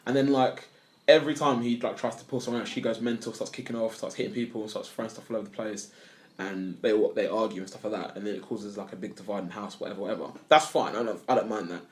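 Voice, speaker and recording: A man's voice: on the low side, quick pace. A young man, co-hosting a casual podcast chat, blunt and ranting, with a bit of swearing. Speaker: podcast co-host.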